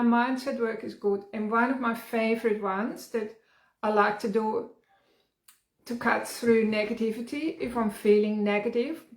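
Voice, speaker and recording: A middle-aged woman giving an earnest, encouraging self-help workshop talk as a wellness coach, often trailing off quietly. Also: medium pitch. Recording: roomy echo.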